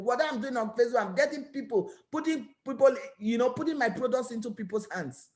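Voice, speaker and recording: A high-pitched woman speaks with a Nigerian English accent. She gives an energetic, preachy motivational talk as a network marketing business owner. She stumbles over and repeats words as she pushes her point. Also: fast talker, few pauses.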